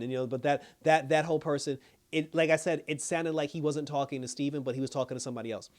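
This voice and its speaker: Brief: a man reviewer, quick casual delivery, lively storytelling with acted-out lines. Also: medium pitch. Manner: animated retelling, acts out quotes, laughs often. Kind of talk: casual recap.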